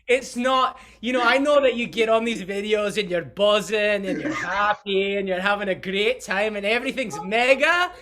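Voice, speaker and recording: A man putting on a loud, exaggerated Scottish accent to tease his co-host. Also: high-pitched, moderate pace, hardly any pauses, voice pushed up. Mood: mock-scolding. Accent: put-on Scottish.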